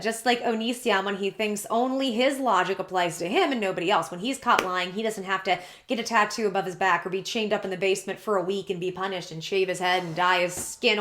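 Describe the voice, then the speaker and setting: Bright-voiced woman giving sarcastic commentary. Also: medium pitch. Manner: chatty, indignant, sarcastic asides. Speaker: commentary YouTuber. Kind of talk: casual commentary to camera.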